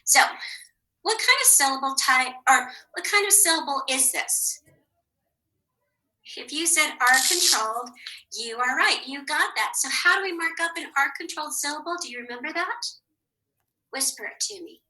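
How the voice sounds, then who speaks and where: A woman teaching a phonics lesson to young children, patient and encouraging, sounding out words slowly. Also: sits high, expressive, bright, forceful tone, rough recording.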